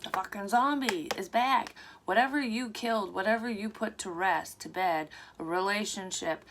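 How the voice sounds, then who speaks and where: A woman's voice: medium pitch, normal speed, noisy background. A woman giving a casual, rambling psychic card reading to her viewers. She talks frankly and swears freely. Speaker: psychic tarot reader. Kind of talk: casual tarot reading to camera.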